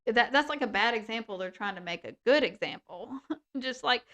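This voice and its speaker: A woman co-hosting a casual podcast, talking in an animated, indignant way and laughing often. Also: a little high, fairly quick. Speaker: podcast co-host.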